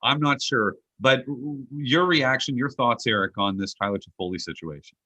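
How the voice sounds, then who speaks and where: A man's voice: medium pitch, normal speed, bright, forceful tone, no room sound, poor audio. A man hosting a sports podcast who asks questions and passes the floor to his co-hosts in a casual chat. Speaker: podcast host.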